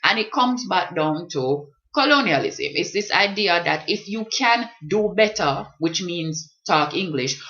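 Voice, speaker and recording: Jamaican woman vlogger, low voice, fired up and emphatic, kinda dull lo-fi sound. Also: pushed and bright. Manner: impassioned, emphatic repetition. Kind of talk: reflective talk on language.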